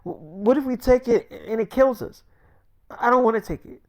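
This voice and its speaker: A man voicing a gentle, worried young wife with a soft, questioning way of talking. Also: very high-pitched, lively intonation, normal speed, lo-fi sound, pitched above the performer's own voice.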